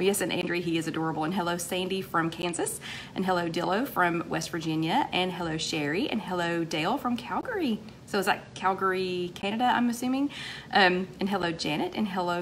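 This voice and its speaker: A chatty, upbeat woman hosts a casual livestream from home, greeting viewers one after another. Her pitch sits in an ordinary middle range, and a faint hiss runs under her webcam-style recording. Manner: chatty, upbeat, lots of fillers and shout-outs. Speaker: host of a weight-loss livestream chat.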